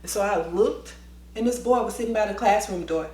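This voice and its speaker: A woman's voice: mid-range voice, a little fast, roomy sound. A woman vlogger, a former teacher, telling a dramatic story and acting out the voices of the people in it. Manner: lively, dramatic, acts out quoted voices. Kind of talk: animated storytelling.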